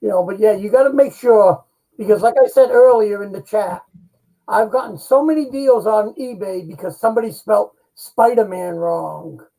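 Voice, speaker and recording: A man's voice: sits high, moderate pace, creaky, dark tone, low-quality recording. A man co-hosting a casual live-stream chat, giving folksy selling advice. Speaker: co-host.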